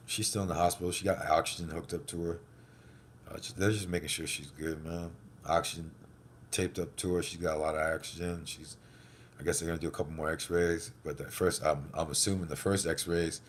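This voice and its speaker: A man's voice: low voice, a little hiss or hum. A man vlogging casually after a car wreck, banged up, telling a rambling, profane, heated story. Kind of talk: casual vlog monologue.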